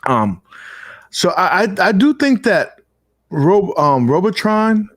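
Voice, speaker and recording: A man's voice: high-pitched, very animated, takes it slowly, a bit bright. A man hosting a casual gaming podcast, talking loosely with slang and fillers. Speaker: podcast host.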